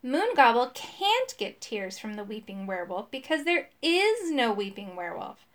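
A woman reading aloud, voicing a clever, smug little male toad who speaks smoothly. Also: a little high, very animated, moderate pace. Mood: scolding. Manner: smooth, helpful, a bit smug.

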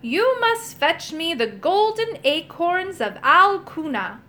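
A woman's voice: very high voice, sing-song, slow, sharp tone, pitched above the performer's own voice, heavily acted. A woman voicing a pompous, sneering male magician official who barks orders in a storybook reading. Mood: stern, commanding. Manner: haughty, barking orders.

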